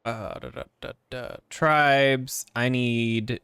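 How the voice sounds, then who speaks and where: A man's voice: medium pitch, slow pace, gravelly, few pauses, sharp tone, clean tone, no echo, studio quality. A man streaming a video game who talks casually, swears freely and trips over hard names. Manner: rambling, profane, stumbles over names. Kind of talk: casual gameplay commentary.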